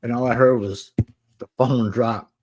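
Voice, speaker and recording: A man in his forties casually telling listeners his life story on a live stream, in relaxed slang. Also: mid-range voice, measured pace. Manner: relaxed street slang, addresses listeners as bro. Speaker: live stream host sharing his testimony.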